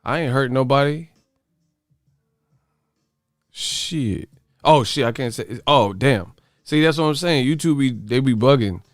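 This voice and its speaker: A man's voice: mid-range voice, unhurried, long pauses, no room sound, studio quality. A man hosting a casual boxing livestream, ranting profanely and firing off rhetorical questions. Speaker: boxing YouTuber host.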